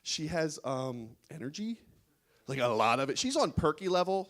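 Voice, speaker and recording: A man performs stand-up comedy on a small studio stage to a live crowd. His voice sits high and swings widely in pitch as he chuckles through his own punchlines. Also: normal speed. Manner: animated, laughs at own jokes.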